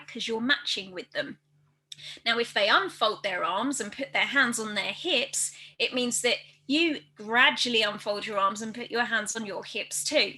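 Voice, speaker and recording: A woman presenting a workplace training video, speaking fast and loudly with careful articulation. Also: a little high, rough recording. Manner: fast, loud and well articulated.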